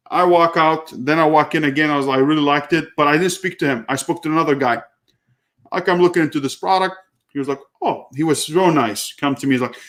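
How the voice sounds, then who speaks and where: Male host, slightly high pitch; casual live-stream storyteller, blunt, lots of fillers. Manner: animated storytelling, acts out exchanges, frequent fillers; blunt, occasionally swears. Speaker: host of live Q&A on online selling.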